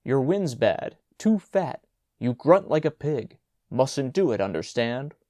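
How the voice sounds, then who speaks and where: A placid but commanding senior schoolboy from a storybook, as a male narrator voices him, snapping out short orders in a mellow voice. The sound is dry and close. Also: mid-range voice, big pitch swings, slow pace, no room sound. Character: calm, commanding older schoolboy, head of games.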